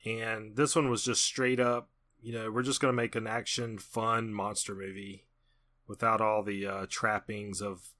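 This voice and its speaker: Cheery podcast host guy, bright edgy voice, chatty. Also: lowish voice, little pitch movement, measured pace. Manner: upbeat, laughs easily. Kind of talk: casual chat.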